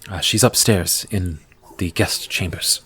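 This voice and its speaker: A man's voice: low voice, a little slow, fairly bright tone, pitched below the performer's own voice. A man voicing a hesitant town mayor in whispered role-play. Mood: hushed.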